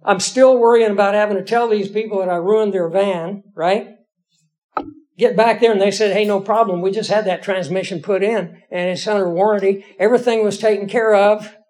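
A middle-aged male pastor with a high-pitched voice preaches a story from his own life. He keeps it folksy and conversational and pokes fun at himself. He talks to the congregation as if chatting with friends. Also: steady tone, normal speed, a little mellow. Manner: conversational, folksy, self-deprecating. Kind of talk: storytelling sermon.

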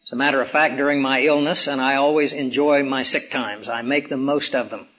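A man preaching a sermon as pastor, hoarse from swollen tonsils, with emphatic rises and slow, dramatic drops. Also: mid-range voice, steady tone. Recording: dull lo-fi recording.

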